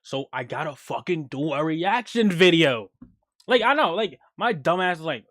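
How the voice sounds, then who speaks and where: Male streamer, a bit high-pitched, sleepless, profane, jumps between hype and mumbles; dry booth sound. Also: lively intonation, a little fast, dry recording. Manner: swings from loud hype to low mumbling asides. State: sleep-deprived. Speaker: streamer reacting to videos. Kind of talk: casual, profane livestream chat.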